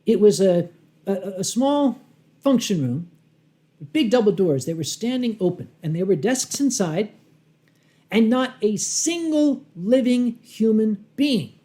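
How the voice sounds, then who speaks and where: A man telling a humorous story live, dry and wry, with dramatic pauses, acting out his own rehearsed lines and clearing his throat often. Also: high voice, animated, warm tone. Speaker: convention storyteller.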